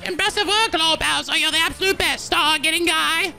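A man doing a squeaky, meek henchman grunt. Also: fairly quick, vocal fry, pushed and bright, faint music behind, full character voice. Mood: squealing. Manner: meek and whiny. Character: timid, lonely male henchman grunt.

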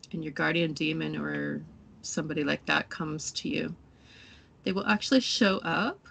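Woman, gravelly, casual chat, rambling, acts out quotes in excited voices. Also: on the low side. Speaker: co-host. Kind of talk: casual spiritual discussion.

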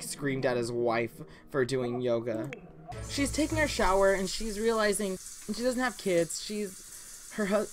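A woman's voice: fairly low pitch, slight background noise. A woman hosting a casual let's play, chatting loosely with lots of fillers and giggles. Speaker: gaming channel host.

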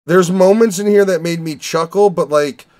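A young man from the Chicago area, hosting a casual movie podcast and talking in a profane, rambling, animated way. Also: high-pitched, normal speed. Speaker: podcast host reviewing movies. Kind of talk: casual chat.

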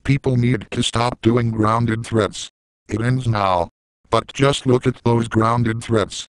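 A man at an ordinary middle pitch reads out a scripted rant. His delivery is flat and measured. The recording is dry, with no room sound at all. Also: clear, resonant tone, dry recording, rough recording. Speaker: YouTube ranter.

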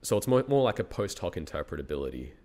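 Deep-voiced Australian man, reflective. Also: sing-song, fast, mellow. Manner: reflective, thinks aloud, laughs often. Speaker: guest, university researcher. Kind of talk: casual interview conversation.

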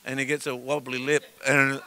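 An Australian man preaching a sermon in a church service, telling comic stories and swinging from quiet asides to shouts. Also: mid-range voice, flat delivery, moderate pace, vocal fry, clear, resonant tone. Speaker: guest preacher.

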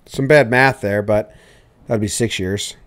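A man's voice: fairly low pitch, a little slow. A man co-hosting a casual baseball podcast, loose and profane, joking with his partner. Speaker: podcast co-host. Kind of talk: casual sports chat.

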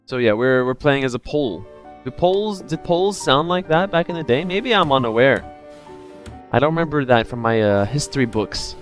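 A man's voice: medium pitch, normal speed, soft background music. A man with a Cypriot accent streaming games live, joking and chatting with viewers. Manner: animated, jokey, chatting with viewers. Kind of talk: casual live-stream chat.

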